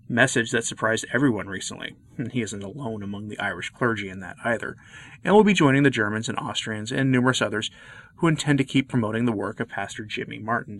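A man hosting a Catholic commentary video, reading his scripted remarks in an earnest, measured way. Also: medium pitch, a bit bright.

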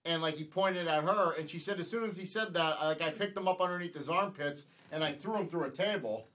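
A man in his thirties with a notably high voice spins a story in loose, casual podcast talk. He stumbles into repeated words, restarts often, and slips into little acted-out voices for the people he quotes. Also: brisk. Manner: animated, stumbling repeats, acts out quoted lines.

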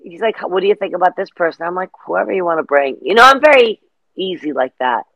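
A middle-aged woman as an interview guest, telling rambling, animated stories in casual chat. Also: lowish voice, quick pace, no room sound, highs cut off.

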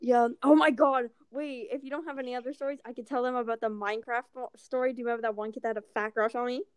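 Teen girl, high voice, dry close mic, animated storyteller. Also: rapid-fire, smooth, no echo. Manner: animated storytelling, acting out quotes. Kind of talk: casual chat.

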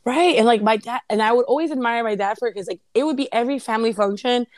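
A woman in casual chat, telling a story in an animated way and acting out the quotes. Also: a little high, fast talker, no echo.

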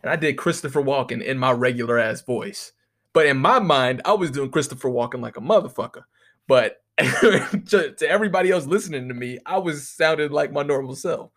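With a medium-pitched voice and a fairly quick delivery, this American man rants and spins rambling stories in a comedic monologue. Profanity is constant, and his manner is animated and meandering.

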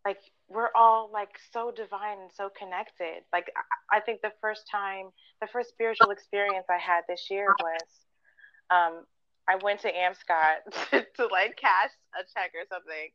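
A woman's voice: mid-range voice, normal speed, no room sound, dull audio. A woman co-hosting a podcast, telling personal stories in casual chat, earnest and full of fillers, acting out what people said. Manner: earnest storytelling, many fillers and acted-out quotes. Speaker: podcast co-host.

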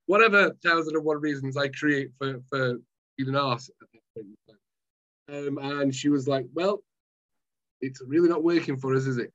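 Through lo-fi sound, a mid-range male voice belongs to a mind management coach from Scotland. As a guest in a relaxed conversation, he tells his story with animation, acting out his earlier self.

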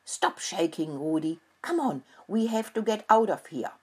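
A woman's voice: fairly low pitch, very animated, measured pace, darkish tone, slightly rough, exaggerated voice. A woman voicing an anxious, fussy father mouse in a storybook, talking in a raised, urgent and scolding way.

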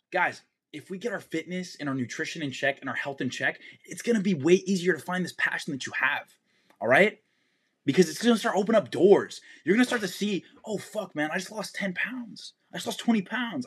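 A man's voice: sits high, husky. A young man hosting a fitness podcast, giving an intense motivational monologue full of swearing and repetition.

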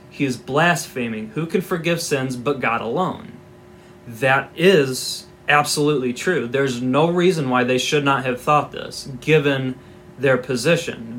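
A man's voice: medium pitch, fairly bright tone, slight background noise. A man giving an informal Bible teaching, reading scripture aloud and explaining it in a conversational, wry way with asides.

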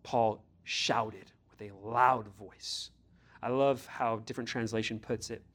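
A man with a fairly low, fairly bright voice preaches slowly and with fairly even intonation to a youth group he pastors. He is earnest and direct, asking blunt questions and sometimes dramatizing scripture's voices.

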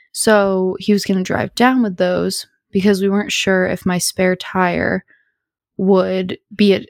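A woman's voice: mid-range voice, gravelly, no room sound, studio quality. A young woman in her twenties hosting a podcast, telling a rambling, filler-heavy story in a tired, sleepy way. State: sleepy, yawning. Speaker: podcast host. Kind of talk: casual storytime chat.

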